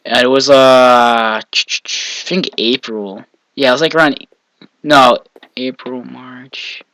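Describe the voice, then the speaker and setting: A man's voice: medium pitch, steady tone, takes it slowly, sharp tone, no room sound, low-quality recording. A young man from Maine telling personal stories in a casual, rambling way, often correcting himself and chuckling between lines. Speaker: vlogger. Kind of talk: casual storytelling.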